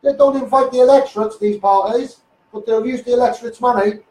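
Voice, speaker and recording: This Scouse man, who calls himself a campaigner, talks fast in a very high, slightly mellow voice with fairly even intonation. He goes over the same points heatedly on a live stream, calling the listener "mate" and tacking on "you know what I mean." Recorded from a distance, his voice sits off the mic in an echoey room.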